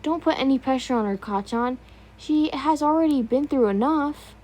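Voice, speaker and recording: Woman voicing a gentle protective young guy, earnest, reassuring, high, mellow. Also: moderate pace, lightly acted. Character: gentle, protective young man, soft and caring.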